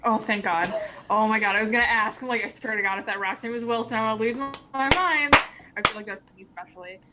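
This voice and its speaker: A woman's voice: fairly high pitch, fast, very noisy. A woman playing a tabletop game, chatting playfully and casually. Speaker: player.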